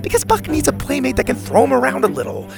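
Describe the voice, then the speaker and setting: A man voicing an excitable young girl in a storybook, shrill and breathless. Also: normal speed, music in the background, lightly acted. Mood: excited. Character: excitable young girl, hatching dinosaur eggs.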